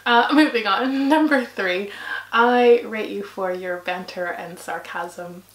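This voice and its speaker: A woman's voice: mid-range voice, slow. Chatty woman from Canada, echoey room. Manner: laughing, chatty. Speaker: vlog co-host. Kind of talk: casual chat.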